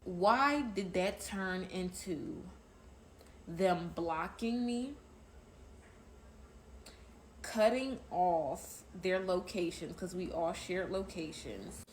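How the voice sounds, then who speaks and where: Talking straight to her viewers as y'all, a young adult woman shares a personal story in a relaxed storytime clip. Her low-ish voice is animated, with drawn-out words and long pauses, and the phone recording is noisy with background ambience.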